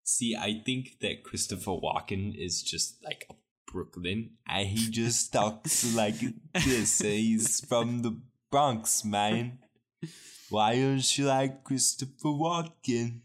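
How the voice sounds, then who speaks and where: A man putting on a mock Brooklyn tough-guy voice, loud and drawn out. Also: deep voice, measured pace, husky, heavily acted. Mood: joking.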